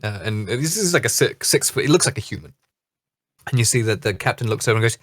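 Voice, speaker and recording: Relaxed hesitant dungeon master. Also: male voice, fairly low pitch, fast talker, dry recording, clean studio sound. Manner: relaxed, hesitant, many fillers. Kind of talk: narrating a tabletop game.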